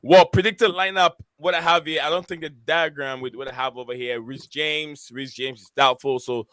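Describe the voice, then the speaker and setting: Bright, crisp-voiced male stream host. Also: a little high, fairly even intonation, moderate pace, dry recording. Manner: hesitant, many fillers, reads chat names. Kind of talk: casual live-stream chat.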